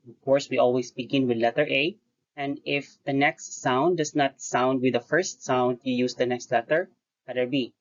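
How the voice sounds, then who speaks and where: A teacher talks through a lesson at an unhurried pace, breaking sentences into short phrases. They stop now and then to correct their own wording. The recording sounds dull and lo-fi. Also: medium pitch. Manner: deliberate, pauses often between phrases, corrects own wording. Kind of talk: recorded lecture-style lesson.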